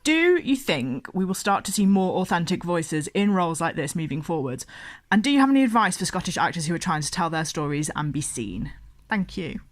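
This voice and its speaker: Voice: medium pitch, sing-song, fairly quick, no echo. A listener politely asking an interview guest a question.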